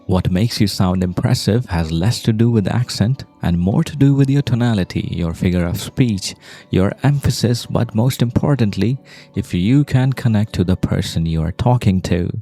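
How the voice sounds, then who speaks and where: A man from India with a light Indian accent delivering scripted commentary, deliberate and emphatic, full of rhetorical questions. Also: on the low side, warm tone. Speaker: video essayist.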